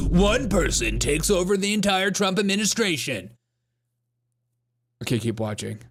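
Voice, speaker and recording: A man's voice: high-pitched, big pitch swings, slow pace, long pauses, noisy background. A man hosting a comedic commentary show, reacting sarcastically to clips and laughing often.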